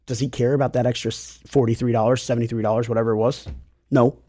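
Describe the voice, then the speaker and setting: A man's voice: mid-range voice, fast talker. A man who hosts a podcast as a realtor, talking in a loose, rambling, joking way in a studio. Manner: animated, rambling, jokey. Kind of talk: casual podcast chat.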